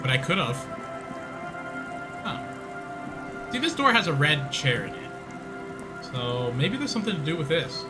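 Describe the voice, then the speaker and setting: Lively, laughing male streamer. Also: a little high, unhurried, long pauses, music in the background. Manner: rambling, laughing, self-mocking. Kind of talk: casual gameplay commentary.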